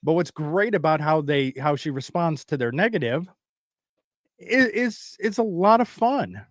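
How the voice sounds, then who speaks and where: A man's voice: on the high side, lively intonation, measured pace, no room sound, studio quality. A man hosting a casual podcast, rambling loosely as he sets up a comedy bit. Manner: rambling, setting up bits. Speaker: podcast host. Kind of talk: casual chat.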